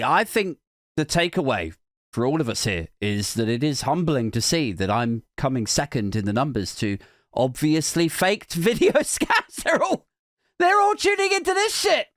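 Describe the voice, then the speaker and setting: A man hosting a podcast, riffing sarcastically in a rambling comedy monologue that swings from mock outrage to low muttering. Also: a bit bright, no echo, studio quality. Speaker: podcast host.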